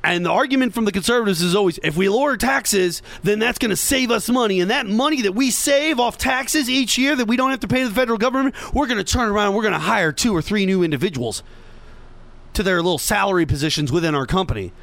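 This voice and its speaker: A man with a high, quick, creaky, slightly bright voice hosts a podcast with no room sound. He delivers an opinionated political monologue full of sarcasm, mocking asides, and mocking impressions of others.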